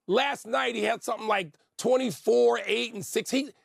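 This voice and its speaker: A man's voice: very high-pitched, moderate pace, creaky, no echo, clean studio sound. A man co-hosting a sports debate show, arguing his points emphatically and insistently. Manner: emphatic, insistent, talks over his partner. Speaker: sports talk show co-host.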